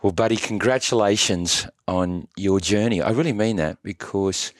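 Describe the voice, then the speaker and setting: Effusive Australian male host, lowish pitch, dry close-mic podcast sound. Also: normal speed, dry recording. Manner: matey, effusive, says mate a lot. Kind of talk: casual interview chat.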